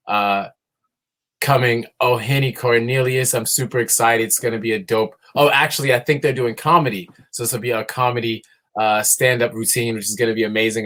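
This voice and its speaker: A man hosting a casual live show, halting with many fillers and restarts. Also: fairly low pitch, a bit bright. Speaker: livestream host.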